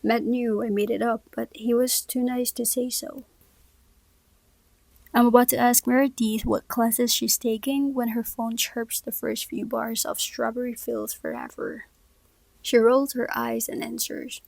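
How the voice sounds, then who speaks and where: Woman, audiobook reader, soft, slips into whispers, gravelly, dry close sound. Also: on the high side, fairly even intonation, a little slow, no room sound, poor audio. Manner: soft-spoken, often dropping into a whisper. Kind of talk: first-person novel reading.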